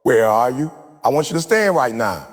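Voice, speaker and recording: A man's voice: medium pitch, sing-song, moderate pace. A man giving a live motivational speech to a crowd in a large hall, preaching and leading the audience in call-and-response chants. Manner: forceful, repetitive exhortation. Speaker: motivational speaker. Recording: long hall reverb with faint music.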